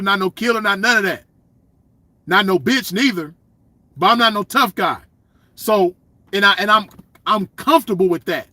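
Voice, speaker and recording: A man's voice: high-pitched, pushed and bright, dry recording. A man in a blunt, profane solo rant, swaggering and repeating himself. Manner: blunt, swaggering, profane, repeats "you know what I mean". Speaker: commentator. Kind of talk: ranting solo monologue.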